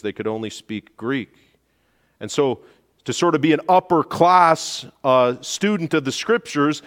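A man preaching a verse-by-verse sermon as pastor, who lifts his voice sharply to stress key points. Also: long reverb tail. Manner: emphatic, rises in pitch and volume to stress points. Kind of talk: expository sermon.

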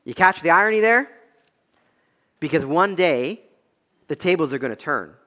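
Young male pastor, high bright voice, emphatic swings from loud to hushed. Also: lively intonation, moderate pace, in a large hall. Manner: emphatic preaching, swinging between loud high peaks and low quiet stretches. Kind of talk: expository sermon.

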